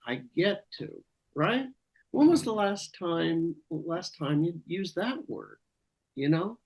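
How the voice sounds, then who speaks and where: A man's voice: fairly high pitch, very animated, takes it slowly, gravelly, a little mellow, breathy edge, poor audio. A man co-hosting a radio talk show, speaking in a reflective, musing way. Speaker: podcast co-host.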